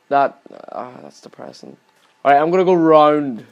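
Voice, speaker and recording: A young man giving casual gameplay commentary as a channel host. He swears constantly and yells at the game whenever it goes wrong. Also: on the high side, normal speed.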